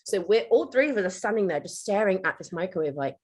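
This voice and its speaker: A woman's voice: medium pitch, expressive, fast, slightly rough. Chatty young woman telling stories. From United Kingdom. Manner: chatty, storytelling, acts out quotes. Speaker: podcast co-host. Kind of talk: casual storytelling chat.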